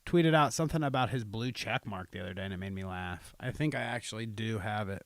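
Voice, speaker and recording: A man's voice: fairly low pitch, fast talker, dry recording. A young man hosting a casual livestream podcast, ranting sarcastically with lots of swearing. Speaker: podcast host.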